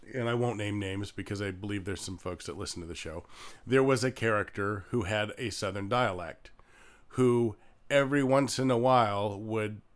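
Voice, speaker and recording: Man, lowish voice, casual podcast co-host, musing, unhurried. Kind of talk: casual chat.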